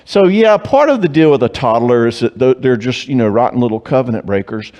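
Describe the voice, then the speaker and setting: A man, a Christian psychologist giving an animated, joking conference talk on marriage. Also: mid-range voice. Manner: animated, joking, acts out clients and spouses in quick voices. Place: church hall. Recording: long reverb of a church hall.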